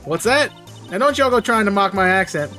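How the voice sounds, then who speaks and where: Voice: mid-range voice, lively intonation, brisk, bright, forceful tone, faint music behind, voice pushed up. A streamer voicing a brash, folksy Southern woman photographer with a drawling accent. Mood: sassy. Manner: folksy, drawling, full of sayings.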